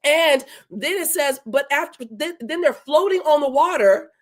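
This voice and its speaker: Here an enthusiastic woman teaches scripture live, one verse at a time, chatting naturally and slowing to stress the passages she reads aloud. She sounds high-pitched and animated.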